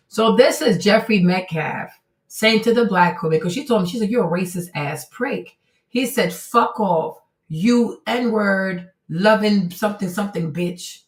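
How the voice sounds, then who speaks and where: A woman's voice: mid-range voice, roomy sound. A woman hosting a commentary stream, talking bluntly and emphatically about clips she plays, often laughing.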